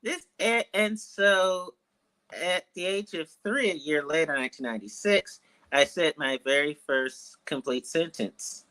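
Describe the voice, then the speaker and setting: A man of around thirty from Washington, D.C. recounts his own story as a guest author. He speaks slowly and deliberately, choosing his words with care. His voice has a bright, forward tone. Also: fairly high pitch, rough recording. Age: about 30. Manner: deliberate, measured, articulate storytelling. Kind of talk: telling his life story in an interview.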